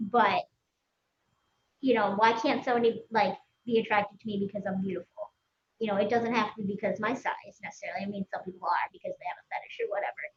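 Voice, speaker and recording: A woman's voice: medium pitch, fairly bright tone, echoey room, highs cut off. A woman with a Minnesotan accent, a guest on a live show, chatting candidly with lots of giggles and swearing. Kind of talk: casual live-stream chat. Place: by a pool.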